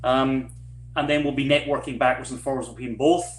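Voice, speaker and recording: A man's voice: medium pitch, steady tone, fairly quick, roomy sound, a little hiss or hum. A man with a Scottish accent giving an online talk about a fellowship program, conversational with frequent fillers. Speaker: program speaker. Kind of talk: online presentation.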